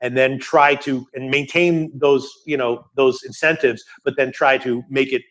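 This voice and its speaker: A man's voice: medium pitch, fairly even intonation, measured pace, fairly bright tone. Rambling man answering betting questions. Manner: rambling, many fillers and restarts. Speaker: guest sports bettor answering viewer questions. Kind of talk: casual studio Q&A chat. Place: studio.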